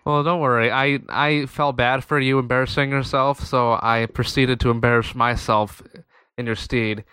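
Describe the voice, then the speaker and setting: A man's voice: mid-range voice, fairly even intonation, normal speed, pushed and bright, clean tone, no echo. A man hosting a casual podcast chat, joking and teasing with a laugh. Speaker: podcast host.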